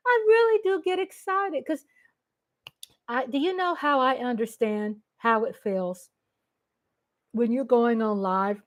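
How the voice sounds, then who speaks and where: A middle-aged woman from Texas with a Texan accent, hosting a casual livestream and gushing shout-outs to her viewers. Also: a little high. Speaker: livestream host.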